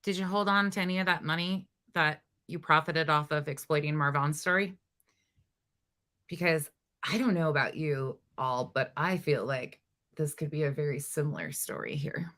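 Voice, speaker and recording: Bright, sarcastic woman commentator. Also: low voice, normal speed. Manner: sarcastic, pointed. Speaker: commentary channel host. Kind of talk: drama commentary.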